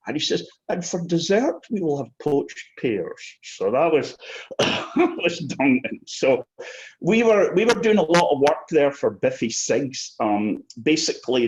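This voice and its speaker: A man in his sixties, a former soldier telling anecdotes as an interview guest, who clears his throat often. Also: medium pitch. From Britain. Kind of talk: casual storytelling. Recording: slightly muffled lo-fi audio.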